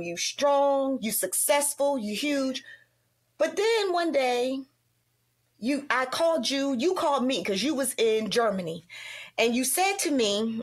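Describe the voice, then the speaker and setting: Middle-aged woman host, lively storyteller, jumps high when quoting others. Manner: animated, acts out quoted dialogue with big pitch jumps. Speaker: podcast host. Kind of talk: casual storytelling conversation.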